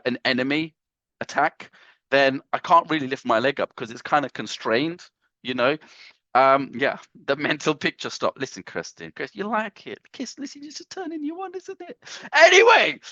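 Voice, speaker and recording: A man's voice: medium pitch, brisk, bright, forceful tone, dry recording. A man hosting a live online training session, greeting viewers by name and joking theatrically. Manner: playful, joking, theatrical self-mockery. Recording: dull lo-fi dry sound.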